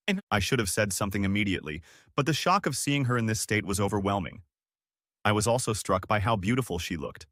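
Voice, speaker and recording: Man, low voice, steady first-person narrator, dry booth. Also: quick pace, dry recording. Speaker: audiobook narrator.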